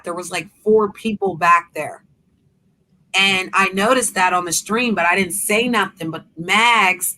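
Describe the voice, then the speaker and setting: A woman's voice: mid-range voice, pushed and bright. A woman host in a casual chat, telling a heated story bluntly with profanity.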